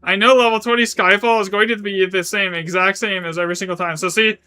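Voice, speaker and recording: Guy streaming live, high clear voice, rambly and casual, swears a bit, faint music behind. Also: fairly even intonation, quick pace, bright, forceful tone. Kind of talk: live gaming stream chat.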